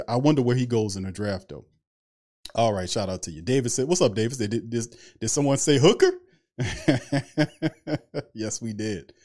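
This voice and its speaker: A man's voice: lowish voice, a little mellow. A man hosting a casual sports talk livestream, loose and chatty, greeting viewers in the chat by name. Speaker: sports talk show host.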